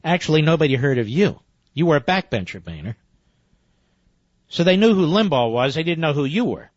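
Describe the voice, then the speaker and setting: Sarcastic, combative talk radio host. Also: male voice, on the high side, very animated, fairly quick, no echo. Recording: dull lo-fi radio broadcast.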